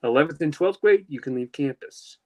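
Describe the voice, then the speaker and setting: A man's voice: on the high side, expressive, brisk, muffled recording. A young man telling a personal story in casual chat, emotional and rambling, with lots of fillers and restarts. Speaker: podcast host.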